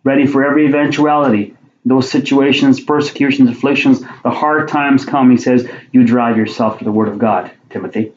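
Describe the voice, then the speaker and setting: A man's voice: medium pitch, steady tone, brisk, a little mellow, a little hiss or hum. A man preaching a sermon, reading Bible verses aloud and then explaining them in plain conversational talk, often repeating his words. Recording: roomy, dull lo-fi sound.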